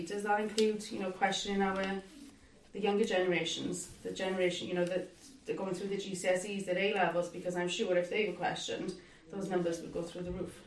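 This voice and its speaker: A woman's voice: fairly low pitch, a little hiss or hum. UK woman in her forties on a podcast panel, earnest and chatty, roomy sound. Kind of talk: casual panel discussion. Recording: roomy, distant mic.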